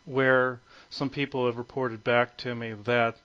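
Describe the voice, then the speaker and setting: A man of medium pitch speaks as a guest on a call, halting often on fillers and restarting his sentences. His voice comes through dull and muffled, like lo-fi phone audio. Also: level tone, smooth. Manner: hesitant, many fillers and restarts. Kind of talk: conference call interview.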